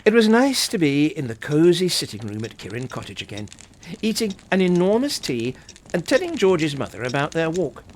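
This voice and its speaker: A narrator reading a children's storybook aloud in an expressive, animated way. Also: medium pitch, moderate pace. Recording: hissy home recording.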